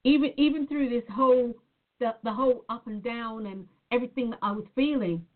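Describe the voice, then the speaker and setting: A woman with a fairly high voice gives an earnest motivational talk as a life coach. She leans on emphatic repeats. The sound is thin and tinny, like a phone line. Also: fairly quick.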